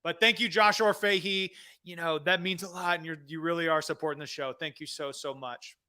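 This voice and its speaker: A male comedy host reads out viewer questions and rambles in a casual, self-deprecating way, full of fillers. His voice is somewhat high and very bright and sharp. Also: steady tone, a little fast. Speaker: comedy wrestling show host.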